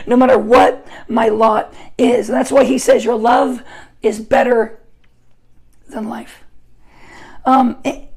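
A young adult woman preaching a sermon, telling stories in an animated way, with soft asides and shouted emphasis. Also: high-pitched, gravelly, poor audio.

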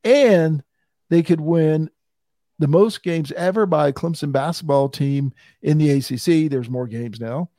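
A man hosting a casual sports talk podcast, chatty and quick to laugh. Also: fairly high pitch, dark tone, dry recording, studio quality. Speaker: podcast host.

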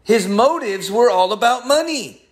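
An upset male pastor in full sermon, his voice sitting high for a man. He scolds and hammers each point, jumping between quiet asides and loud, heated outbursts. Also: expressive, unhurried. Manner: heated, scolding, emphatic preaching with sudden swings of loudness. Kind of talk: fiery sermon.

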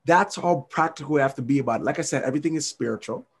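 A man's voice: on the high side, husky. A man sharing his faith testimony as a podcast guest, earnest and repetitive. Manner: earnest, repetitive, fast-talking.

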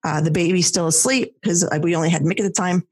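Husky-voiced woman telling a story. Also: on the low side, fast talker. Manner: animated, lots of fillers and restarts. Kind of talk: casual storytelling chat.

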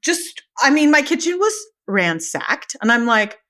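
A woman guest telling a story in a casual podcast interview. She is animated and acts out every quote, and her voice sits a little high for a woman. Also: normal speed, few pauses.

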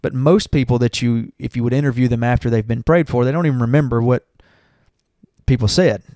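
A man's voice: medium pitch, brisk, warm tone, no room sound, clean studio sound. A young man, earnestly telling his church testimony and talking to listeners as y'all. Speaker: church member giving testimony. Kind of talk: personal testimony.

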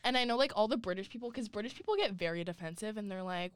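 A woman's voice: medium pitch, animated, fast talker, smooth, dry recording. A young woman co-hosting a casual news chat, speaking bluntly and matter-of-factly. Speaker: co-host.

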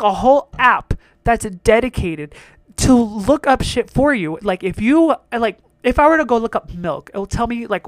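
A man's voice: very high voice, no room sound. Blunt, foul-mouthed young man ranting. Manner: blunt, profane, heated and exasperated. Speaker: solo podcast host. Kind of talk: casual rant monologue.

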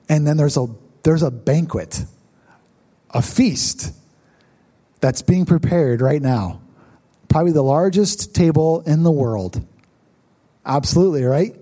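A young male pastor preaching in a relaxed, storytelling way, often asking the congregation whether they remember. His voice sits a little high and sounds warm and mellow. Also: a little slow, long pauses. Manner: storytelling, conversational with congregation asides. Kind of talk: sermon with personal story.

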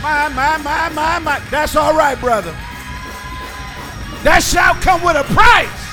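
A man pastor preaches in a very high, ringing voice, shouting and whooping between phrases. His words come slowly and drawn out. He calls out to the congregation exuberantly, with faint music and people heard behind him. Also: a crowd in the background. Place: church service.

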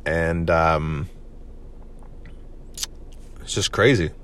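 A man's voice: very deep voice, very slow, a bit bright. A young man hosting a solo podcast, talking candidly and rambling, with lots of "man" and "you know". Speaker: podcast host. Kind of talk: solo confessional podcast monologue.

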